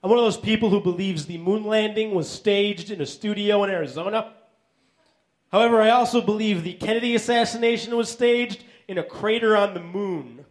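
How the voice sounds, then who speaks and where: A man doing a stand-up set with dry, deadpan one-liners. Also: sits high, brisk. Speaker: stand-up comedian.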